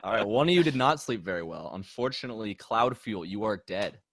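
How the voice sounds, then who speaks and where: A man calmly moderating an online party game on a video call, giving instructions. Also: on the low side, fairly quick, dry recording. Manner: matter-of-fact, instructing.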